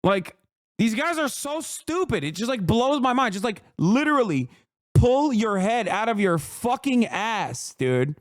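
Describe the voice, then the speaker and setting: A man's voice: extremely high pitch, very animated, measured pace, dry recording, clean studio sound. Profane, ranting male streamer. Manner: profane, heated ranting with sarcastic mockery. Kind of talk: live stream commentary.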